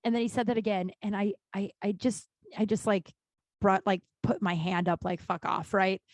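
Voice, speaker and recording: A woman in her thirties hosting her own podcast, talking candidly in a rambling, profane way with many restarts and sudden animated outbursts. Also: mid-range voice, moderate pace, dry recording. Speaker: podcast host. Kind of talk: casual solo podcast monologue.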